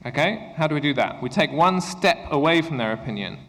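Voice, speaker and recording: A man giving a conference workshop to English teachers, talking to the room in an engaging way and often checking in with a quick "okay?". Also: fairly high pitch, expressive, a bit bright. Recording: echoey hall reverb.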